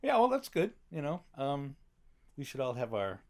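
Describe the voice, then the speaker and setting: A man's voice: mid-range voice, wildly swooping pitch, moderate pace. A man speaking as a podcast guest in a studio back room, reflective and wry, with a teasing humor. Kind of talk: casual conversation.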